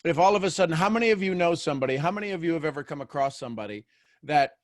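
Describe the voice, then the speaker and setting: A man's voice: a little high, lively intonation, very fast, no room sound, clean studio sound. A man hosting a daily motivational show, talking live to listeners. He keeps asking them questions and repeats phrases as he builds each point.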